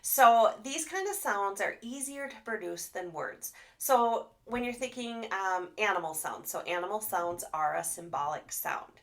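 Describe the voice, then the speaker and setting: A woman speech therapist leads a casual training session for teachers and parents. Her mid-pitched voice has a slight gravelly fry, and she livens up her explanations with expressive demonstrations. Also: measured pace, few pauses. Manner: animated, demonstrates sounds with expressive voice. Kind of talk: live online training talk.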